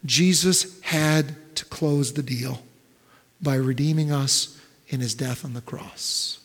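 A male pastor preaching a sermon, swinging between loud, emphatic build-ups and hushed, almost whispered lines. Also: mid-range voice, slow pace. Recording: long reverb of a large hall.

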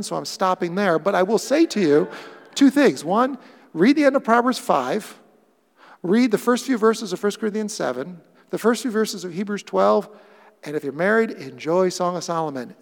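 A man preaching a sermon as pastor, animated, acting out quoted lines with playful voices. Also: on the high side, gravelly, in a large hall.

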